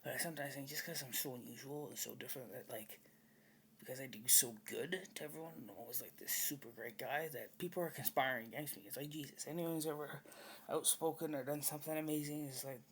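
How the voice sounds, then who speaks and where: A man with a gravelly voice rambles through a casual monologue. He is blunt and swaggering, and he swears freely. A faint hum sits under his voice. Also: medium pitch, fast talker.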